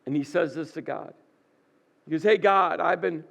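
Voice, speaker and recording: A man's voice: fairly high pitch, normal speed, creaky, long pauses, a bit bright. A male pastor preaching a sermon, retelling a scripture story and acting out its dialogue with rising intensity.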